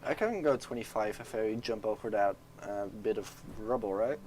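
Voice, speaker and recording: A man's voice: lowish voice, normal speed, a little mellow, a little hiss or hum. A man playing a tabletop game, asking about distances and explaining rules. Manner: practical, rules-minded questions. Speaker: player. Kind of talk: casual tabletop game play.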